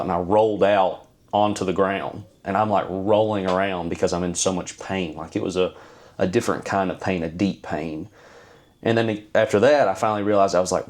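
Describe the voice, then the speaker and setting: A podcast guest, a man with a fairly low pitch and darkish tone, tells a personal story earnestly. His delivery is halting, with many fillers and restarts.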